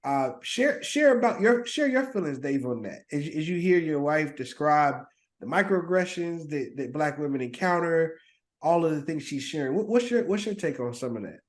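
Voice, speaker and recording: Male podcast host, higher-pitched, probing, repeats himself. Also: expressive, normal speed. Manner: probing, backchannels often, repeats words. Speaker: host, therapist. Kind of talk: podcast interview.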